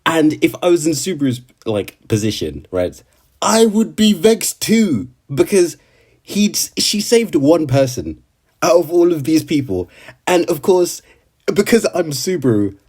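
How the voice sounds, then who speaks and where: A man's voice: a little high, darkish tone, breathy edge. A man casually recapping an anime episode, rambling with lots of fillers and tag questions. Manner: rambling, full of fillers and "right?". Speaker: anime video creator.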